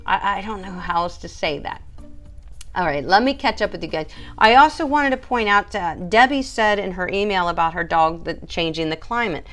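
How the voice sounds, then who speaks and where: A woman's voice: lowish voice, fairly bright tone. A woman, a pet groomer, hosting a casual live stream, chatty and emphatic as she answers viewers by name.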